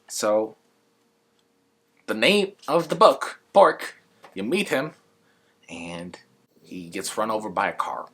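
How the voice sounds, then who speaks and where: A man casually reviewing a book and retelling its stories in a conversational, animated way. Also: lowish voice, takes it slowly, pauses often, husky.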